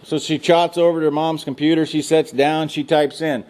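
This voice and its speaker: A man's voice: fairly high pitch, level tone, moderate pace, hardly any pauses, darkish tone. A middle-aged man from the United States speaking to students, a folksy storyteller joking about ranch life. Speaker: guest speaker. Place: lecture room.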